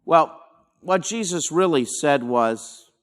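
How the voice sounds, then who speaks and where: Pastor, man, slightly high voice, measured teaching delivery. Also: lively intonation. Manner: unhurried, explanatory, with dramatic pauses. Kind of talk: verse-by-verse Bible study teaching.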